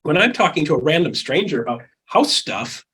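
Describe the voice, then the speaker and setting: A middle-aged man coaching real estate agents in an interview, talking with animated energy and acting out the people and calls he describes. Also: on the high side, brisk, slight background noise.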